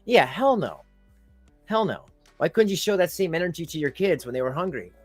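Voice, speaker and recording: A man rants in reaction commentary, heaping sarcasm and scorn on his target. His voice sits a little higher than most men's, and soft music plays faintly underneath. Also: big pitch swings, fairly quick, breathy edge, no room sound. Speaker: commentary channel host.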